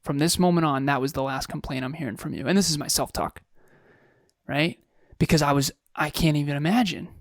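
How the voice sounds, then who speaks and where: A man's voice: on the high side, fairly quick, no room sound, clean studio sound. A man in his thirties co-hosting a podcast, telling stories in an earnest, reflective way. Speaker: podcast co-host. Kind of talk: casual chat.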